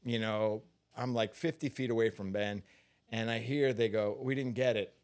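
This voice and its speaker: A man, a stuntman guest, telling stories in a relaxed interview, unhurried and full of fillers and restarts. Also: medium pitch, clean tone.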